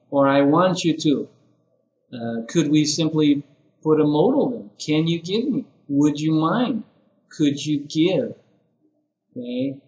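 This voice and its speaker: A man training ESL teachers in a recorded lesson, explaining patiently with many pauses. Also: on the high side, a little mellow, echoey room, lo-fi sound.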